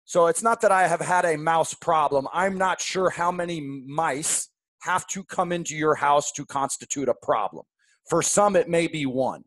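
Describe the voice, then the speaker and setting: A man in his forties hosting a podcast, telling a story in a candid, animated way. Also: fairly high pitch, moderate pace, dry recording. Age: 40s. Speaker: podcast host. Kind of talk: casual storytelling monologue.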